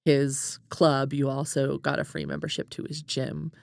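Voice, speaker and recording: Female podcast co-host, gravelly and dry, chatty storyteller full of fillers. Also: a bass voice, a little slow, dry recording. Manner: animated storytelling, many "like"s. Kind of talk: casual book chat.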